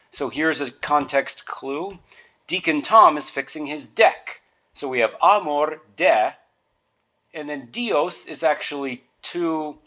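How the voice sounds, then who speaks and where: A man slowly talking through a pronunciation guide, giving patient explanations with everyday example words. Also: on the high side, a bit bright. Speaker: music teacher. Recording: dull lo-fi recording.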